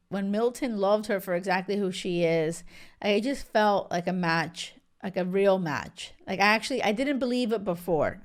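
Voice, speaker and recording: A woman vlogger giving an animated, emphatic casual recap, full of filler words. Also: medium pitch.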